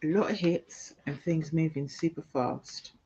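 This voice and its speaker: A woman giving a casual tarot reading, talking slowly through each card as she lays it out. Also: deep voice, dark tone, husky. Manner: slow, musing, talks through each card. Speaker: tarot reader. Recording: dull lo-fi sound.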